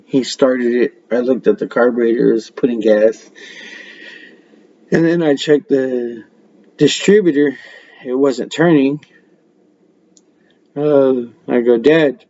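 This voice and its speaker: Hosting a casual podcast, this man spins rambling, profane stories punctuated by laughter. His medium-pitched voice is mellow. The audio comes through dull, recorded on a webcam microphone.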